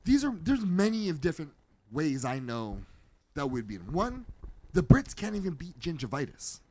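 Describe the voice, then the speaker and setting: A man co-hosting a podcast reacts to videos in a casual chat, joking and mocking. His voice sits on the high side at a normal speed, animated and mocking, and now and then he bursts into shouting.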